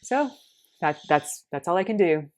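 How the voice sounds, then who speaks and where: A woman tells a personal testimony, animated and lively. Her voice sits a little low and she slips into voices for the dialogue. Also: a little slow. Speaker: storyteller.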